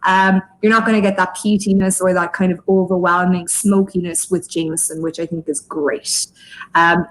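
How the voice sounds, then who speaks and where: A woman's voice: medium pitch, poor audio. A woman with an Irish accent, a guest explaining whiskey in a chatty livestream tasting, talking in long loose runs with fillers over a video call. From Ireland.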